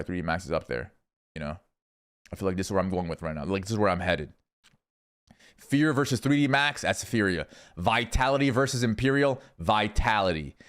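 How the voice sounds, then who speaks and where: A young man streaming, casually rambling through esports predictions with lots of swearing and thinking out loud. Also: on the low side. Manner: rambling, profane, thinking aloud.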